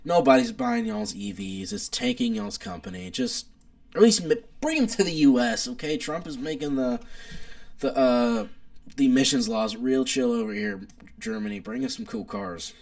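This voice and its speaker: Young man, casual streamer, gravelly, animated, opinionated. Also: a little high, normal speed. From United States. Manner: opinionated, rambling, reads chat aloud. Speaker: live stream host. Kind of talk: casual live stream chat.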